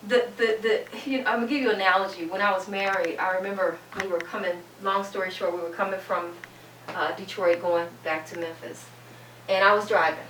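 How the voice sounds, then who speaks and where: A woman's voice: mid-range voice, steady tone, a little fast, fairly bright tone. Emphatic middle-aged woman, echoey and distant. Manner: emphatic, preacher-like, repeats phrases. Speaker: guest, cancer survivor. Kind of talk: testimony on a panel. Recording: echoey room, distant mic, faint hum.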